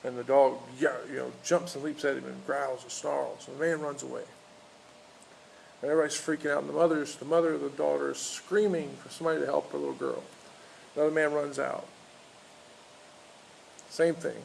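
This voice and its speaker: Male pastor, gravelly voice, halting unscripted sermon with lots of fillers, faint outdoor noise behind. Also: a little high, level tone, darkish tone, poor audio. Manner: halting, many fillers and restarts. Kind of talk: informal outdoor sermon with storytelling. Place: outdoors in a park.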